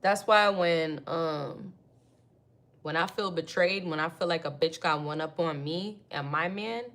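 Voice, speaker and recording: A young woman ranting casually to her viewers, brash and swearing freely, with sudden loud outbursts. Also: low voice, measured pace. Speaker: vlogger. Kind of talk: casual rant to camera.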